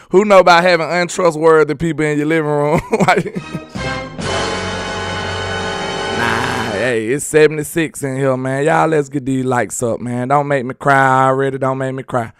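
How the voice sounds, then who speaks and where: A man's voice: medium pitch, steady tone, moderate pace, soft background music. A man hosting a casual live sports talk stream, rambling loosely, chatting with viewers and laughing often. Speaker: sports talk show host.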